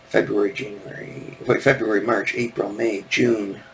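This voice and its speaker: A man's voice: on the low side, little pitch movement, moderate pace, gravelly, crowd noise, rough recording. A middle-aged man and comic artist, talking casually and rambling with lots of fillers and restarts as he shows pages on screen. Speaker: comic artist and video host. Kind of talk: casual solo talk, screen-share commentary.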